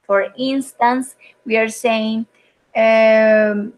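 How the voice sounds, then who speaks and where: A woman teaching an online English grammar lesson over a video call. She explains patiently and fills pauses with "uh" and "um". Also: fairly high pitch, low-quality recording. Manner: patient, explanatory, with frequent fillers.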